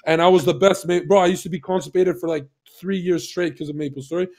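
Young man, streamer, slightly high voice, rambling, brash, profane, stumbling restarts, casual voice chat. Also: fairly even intonation, quick pace, vocal fry, crowd noise.

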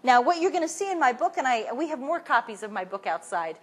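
A woman speaks to an audience at an event, her voice high and a little husky. She tells her story with energy, acts out other people's lines as she quotes them, and often restarts her sentences as she goes. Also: very animated, fast talker. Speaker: speaker giving a talk. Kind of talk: animated storytelling talk to an audience.

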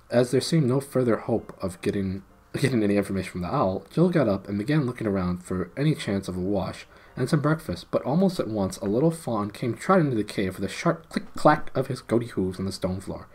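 Low husky guy reading a kids book aloud on stream, playful asides. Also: animated, fairly quick, darkish tone. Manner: playful, self-mocking asides. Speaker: storybook reader and live streamer. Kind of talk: reading a children's novel aloud.

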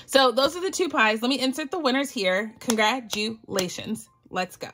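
A woman's voice: fairly high pitch, animated, normal speed, hardly any pauses, fairly bright tone, soft background music. A woman hosting a budgeting channel, chatting casually and giggling as she talks to viewers.

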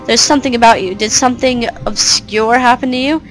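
A woman reading out an ancient, scornful mother of darkness in a game, haughty and mocking. The voice is fairly high. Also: brisk, faint music behind, close to an everyday voice, rough recording. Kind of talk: reading game dialogue aloud.

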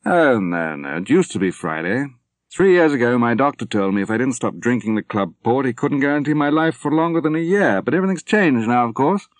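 A white-haired old general, hearty and jovial, his raised voice booming out each point, as a male narrator puts him on. He is played high and loud against the reader's usual low, dry tone, heard in a spoken book. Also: expressive, a little fast, no echo, lightly acted. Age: older. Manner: booming, cheerful, emphatic.

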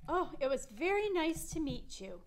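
Woman doing a high, sing-song dancing princess puppet, cheerful. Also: big pitch swings, normal speed, slight background noise. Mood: giddy. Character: cheerful twirling young princess.

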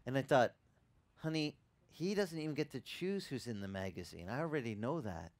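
A man preaching a sermon as a pastor, telling a personal story conversationally and growing louder and higher when impassioned. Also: expressive, normal speed, no echo. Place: church ministry in Hawaii.

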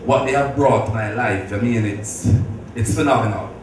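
A man's voice: lowish voice, normal speed. Middle-aged man speaking in an echoey hall. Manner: storytelling, laughing, preacherly. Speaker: speaker at a birthday celebration. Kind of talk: heartfelt personal speech. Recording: echoey hall from far off, noisy.

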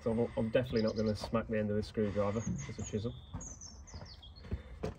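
A man hosting a workshop video, explaining each step in a relaxed, wry way as he works on a big engine. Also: fairly low pitch, brisk. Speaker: host mechanic. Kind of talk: casual hands-on workshop commentary. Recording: noisy workshop recording.

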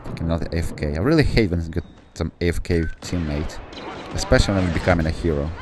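A man with a very low, deep voice talks through his gameplay as it happens. He gets excitable, rambles into asides, and swears before apologizing for it, all over a faint hiss. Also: quick pace. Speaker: gameplay commentator. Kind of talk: live gaming commentary.

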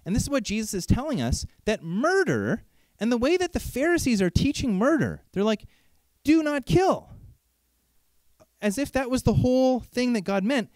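High, lively male preacher. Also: fairly quick, few pauses, no room sound. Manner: animated, conversational, with rhetorical questions. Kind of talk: sermon.

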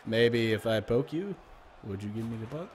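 A man's voice: medium pitch, animated, moderate pace. A man streaming a hockey video game, chatting casually and swearing at the plays. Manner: profane, grumbling at the game. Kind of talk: casual gameplay commentary.

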